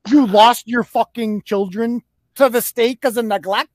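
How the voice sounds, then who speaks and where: A man's voice: extremely high pitch, fairly even intonation, a little slow, no echo. A man hosting a podcast, ranting in a profane, combative and mocking way. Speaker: host. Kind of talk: heated podcast rant.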